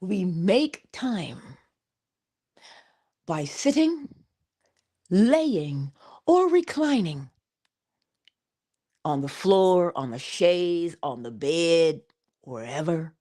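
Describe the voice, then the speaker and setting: A woman's voice: fairly low pitch, very animated, drawn-out words, long pauses, mellow. A woman giving a morning inspirational talk, with preacherly calls and frequent laughter. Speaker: motivational speaker.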